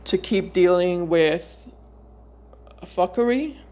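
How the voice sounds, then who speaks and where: A woman's voice: fairly low pitch, expressive, a little mellow. Woman giving a rambling tarot reading. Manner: loose and searching, often pausing and repeating words before going on. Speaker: tarot reader. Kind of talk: casual tarot reading addressed to viewers.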